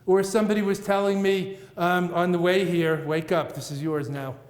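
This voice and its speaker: Speaking at normal speed in a steady, high-sitting voice, a male Buddhist teacher delivers a dharma talk with a playful rhythm and chuckles at his own jokes. The audience fills a large meeting room whose echo gives roomy reverb, and there's a little hiss or hum.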